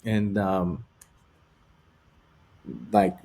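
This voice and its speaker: A man's voice: sits low, little pitch movement, extremely slow, warm tone. A man talking as an interview guest, telling a personal story in a candid, rambling way with lots of casual fillers.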